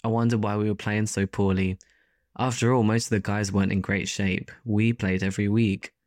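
A man narrating a first-person story as an audiobook in a steady, even delivery. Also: on the low side, normal speed, dry recording, clean studio sound.

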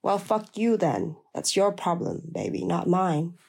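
Woman reading fiery cursing woman, low gravelly voice, dark tone. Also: big pitch swings, unhurried, exaggerated voice. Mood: heated. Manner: angry, cursing retorts. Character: fiery woman partner, quick to rage.

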